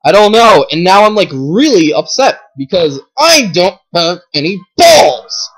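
A woman giving casual commentary while playing a game, chatty with lots of fillers, swinging from low mumbling to shrieking outbursts. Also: sing-song, measured pace, poor audio. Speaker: gameplay commentator. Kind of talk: casual let's play commentary.

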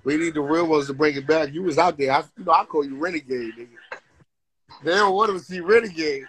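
A man hosting a live stream in loud, slangy, animated banter. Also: fairly high pitch, a little fast, slightly rough, rough recording. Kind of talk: casual live-stream chat.

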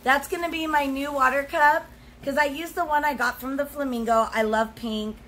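Opening her mail on camera at home, a young woman vlogger gushes, squeals, and gasps in a casual unboxing chat. Her voice sits high and sounds pushed and bright, steady in tone and a little fast, though the audio is poor with slight background noise.

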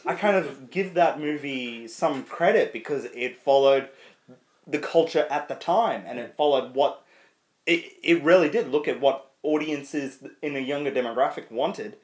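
A man's voice: on the high side, moderate pace, darkish tone, roomy sound. A man co-hosting a podcast, chatting casually through a film review, swearing freely and laughing often. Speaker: podcast co-host.

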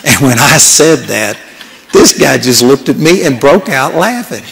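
An older man preaching a sermon, telling a personal story in a folksy, animated way and acting out what people said. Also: medium pitch, unhurried, creaky, background noise. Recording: long reverb of a large hall.

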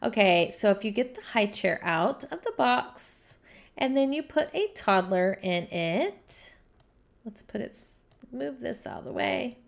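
A woman's voice: fairly high pitch, animated, unhurried, vocal fry. A woman hosting a casual gameplay live stream, chatty and upbeat, greeting viewers by name and gushing over what she finds.

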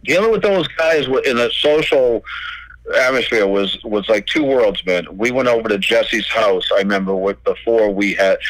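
A man's voice: medium pitch, a bit bright, no room sound, low-quality recording. A man, a record label owner, telling stories as a podcast guest, swearing freely and acting out old conversations. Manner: swears freely, retells dialogue with "I go". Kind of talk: storytelling in a podcast interview.

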